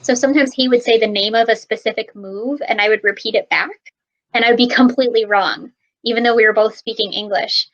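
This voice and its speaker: A woman's voice: a little high, brisk, a bit bright, dull audio. Chatty Minnesotan woman tutoring English. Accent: Minnesotan American. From Minnesota, USA. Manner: chatty, explains with examples. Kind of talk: casual conversation lesson. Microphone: video call.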